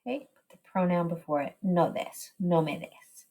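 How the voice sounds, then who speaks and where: A woman's voice: on the low side, expressive, moderate pace, darkish tone. A woman teaching a recorded slide lesson, explaining step by step and switching between Spanish and English.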